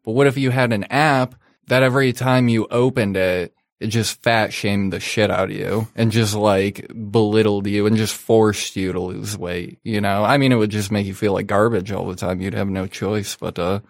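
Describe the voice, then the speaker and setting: A man's voice: lowish voice, steady tone, moderate pace, vocal fry, few pauses, dry recording, clean studio sound. A man chatting casually and joking on a podcast, rambling loosely with lots of fillers. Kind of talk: casual chat.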